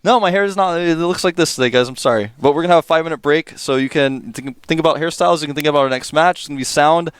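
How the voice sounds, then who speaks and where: Male esports caster for a live match, high-pitched and excitable, rambling with jokes, close dry studio mic. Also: very fast, hardly any pauses, clear, resonant tone, no room sound. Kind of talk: live game commentary. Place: broadcast studio.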